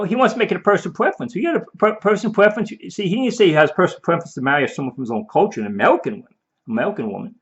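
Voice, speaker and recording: A man's voice: very high voice, fairly bright tone. A man giving rambling, emphatic video commentary, often repeating himself and mock-quoting the people he argues against. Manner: emphatic, repeats and restarts, mock-quotes opponents. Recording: dull lo-fi audio.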